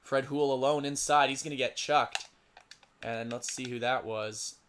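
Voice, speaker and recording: A man's voice: medium pitch, fairly even intonation, moderate pace, a bit bright, slight background noise. A young man doing casual solo play-by-play for a simulated lacrosse game, stumbling over player names and muttering asides to himself.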